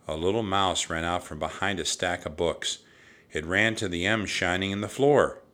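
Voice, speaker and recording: A man reading a children's storybook aloud in a measured, expressive way. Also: deep voice. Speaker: narrator.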